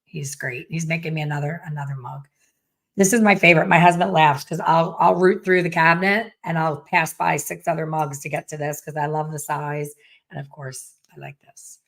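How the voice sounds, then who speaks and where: A middle-aged woman, a hair colorist, telling a story to viewers in a blunt, animated way with some mild swearing. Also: low-pitched, moderate pace, creaky.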